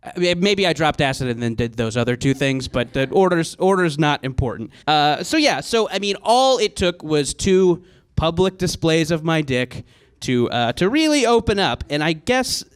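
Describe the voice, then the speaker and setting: A man in his thirties tells a comic story on stage at a live show in front of an audience. His voice is fairly high, animated and smooth, at a moderate pace, and he rambles, mocks himself and uses many fillers.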